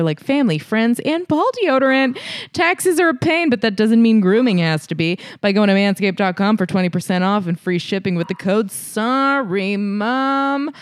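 A woman's voice: fairly high pitch, no echo. A young woman co-hosting a podcast, chatting crudely and joking, also reading a sponsor ad. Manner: crude, jokey, loose delivery. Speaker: podcast co-host. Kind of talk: casual chat and read sponsor ad.

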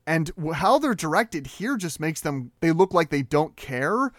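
A young man with a rather high voice hosts a movie podcast, talking in a casual, animated and opinionated way. His fillers and restarts come often. The sound is dry and close to the mic, with no room around it. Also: unhurried, no echo. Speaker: podcast host. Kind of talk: casual movie review chat.

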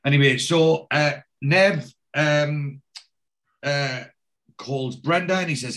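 A man's voice: on the high side, slow pace, a bit bright. A man in casual podcast chat, rambling through a retelling with many ums and restarts. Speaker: podcast co-host.

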